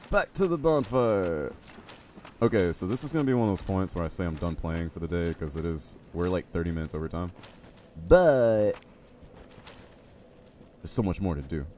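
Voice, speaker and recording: Deep-voiced chatty game streamer man. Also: dark tone, a little hiss or hum. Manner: chatty, jokey, talks to chat. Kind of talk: live gameplay commentary.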